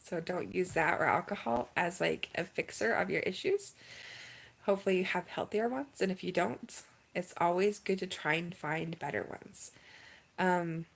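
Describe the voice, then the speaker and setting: A young woman vlogging to camera in a candid, chatty way, moving from earnest advice to bursts of excitement and near tears. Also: fairly low pitch, normal speed, creaky, breathy edge. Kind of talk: casual talk to camera.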